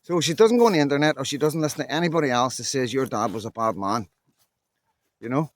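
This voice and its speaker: A man's voice: mid-range voice, fast. A man in his fifties with a Northern Irish accent, talking candidly and bluntly to camera while out on a muddy walk, rambling from one story to the next. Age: 50s. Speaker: vlogger. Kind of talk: casual monologue to camera.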